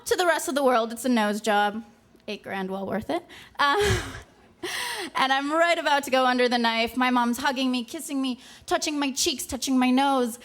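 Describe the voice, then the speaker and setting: Woman in her twenties, stage storyteller; high-pitched, wry, punchy comic delivery.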